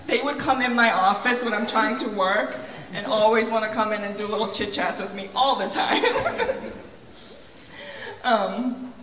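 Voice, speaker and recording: Teary dance teacher lady, bright voice, far off in a big echoey hall w/ crowd. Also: on the high side, a little slow, pauses often. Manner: tearful, laughing between lines, reading from phone notes. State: choked up. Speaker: dance studio owner and teacher. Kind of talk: emotional speech at a recital. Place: large auditorium stage.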